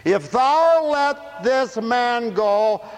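A man voicing an accusing crowd in slow, drawn-out old-fashioned speech. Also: extremely high pitch, animated, pitched above the performer's own voice, heavily acted. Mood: menacing. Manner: slow, drawn-out, archaic phrasing. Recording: echoey hall.

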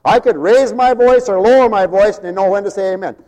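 A man preaching, mocking his listeners with sudden swings between loud bursts and near-whispers. His voice sits high. The sound rings out with a long reverb. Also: a little fast. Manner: animated, mocking, wide swings in loudness. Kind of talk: sermon.

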